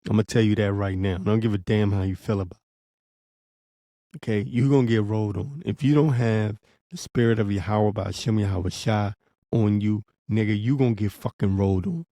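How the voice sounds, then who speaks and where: A man's voice: on the low side, fairly quick, mellow, no room sound, clean studio sound. A man giving a blunt, profane, urgent warning in a preaching commentary vlog, with frequent restarts. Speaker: religious commentator.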